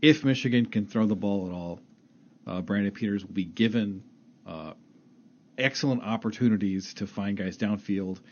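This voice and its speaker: A man's voice: lowish voice, a little mellow, a little hiss or hum. Analytical man on sports radio. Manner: detailed, analytical breakdown of plays. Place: radio studio. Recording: dull lo-fi radio broadcast.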